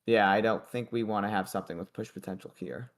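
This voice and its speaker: A man's voice: fairly low pitch, quick pace. A young man hosting a sports betting livestream, chatting loosely and joking with his co-host and the chat.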